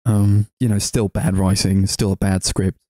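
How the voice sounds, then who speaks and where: Man, mellow tone, dry close sound, ranting movie chat, swears and laughs a lot. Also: little pitch movement, measured pace, dry recording. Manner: ranting, swears, laughs often, voice jumps high when exasperated. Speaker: podcast co-host. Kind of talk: casual movie review chat.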